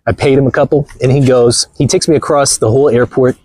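A man's voice: mid-range voice, steady tone, fast talker, darkish tone, no room sound. A man vlogging outdoors with a phone camera, blunt and mocking, rambling through stories as he walks. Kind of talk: casual walking vlog talk.

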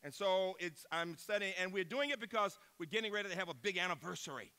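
A man in his sixties, a university president, giving an inspirational keynote speech and telling stories with emphasis, moving from loud bursts to hushed tones. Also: high voice, animated, fast, clear, resonant tone. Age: 60s.

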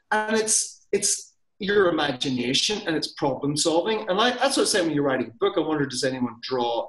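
A man's voice: fairly high pitch, reverberant, rough recording. A man with a Northern Irish accent, chatting as a guest on a video call in a rambling, jokey, self-deprecating way. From Northern Ireland. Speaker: guest illustrator and author. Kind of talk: casual chat.

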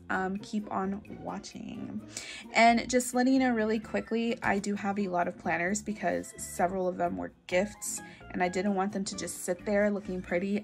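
A woman's voice: medium pitch, vocal fry. A young woman vlogging casually from her bedroom, chatty and bubbly, with lots of "um"s and "like"s. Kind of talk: casual show-and-tell vlog.

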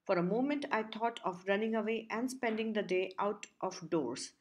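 A woman narrating a textbook story as an audiobook, in a steady, clear reading. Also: medium pitch, moderate pace.

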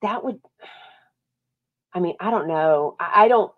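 A woman's voice: lowish voice, a little slow, narrow, tinny audio. A woman from Texas with a Texan accent, hosting a podcast and chatting casually about reality TV, reading viewer comments along the way. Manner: chatty, lively, reads viewer comments aloud. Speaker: podcast host. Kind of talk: casual chat.

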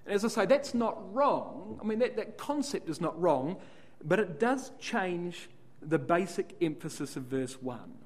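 A man with a somewhat high voice leads a Bible study. He reads each verse aloud and then unpacks it, posing questions to the listeners and answering them himself. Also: sing-song, a little slow. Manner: explanatory, asks and answers his own questions. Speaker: Bible class speaker.

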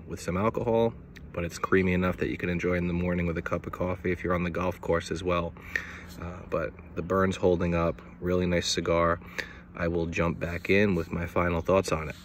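A man's voice: low-pitched, fairly bright tone, a little hiss or hum. A man giving a casual, laid-back video review who repeats words and swears offhandedly. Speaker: cigar reviewer.

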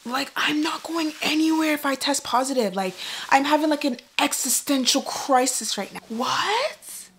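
High, lively young woman vlogging. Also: moderate pace, slight background noise. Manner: chatty, laughs often. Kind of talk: casual vlog chat. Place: at home.

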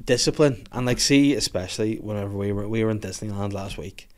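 A man in his thirties chats on a podcast at a rapid clip, his voice sitting low. He swears freely, jokes around and rambles, tripping over restarts as he goes. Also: a little mellow, slight background noise. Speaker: podcast host. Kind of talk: casual podcast chat.

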